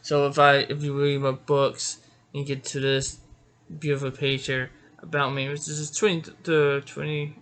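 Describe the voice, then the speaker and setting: A man's voice: on the high side, level tone, moderate pace, fairly bright tone. A middle-aged man from Georgia, a martial arts author, talking casually about himself with many stammers and restarts. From Georgia, United States. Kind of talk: casual self-introduction.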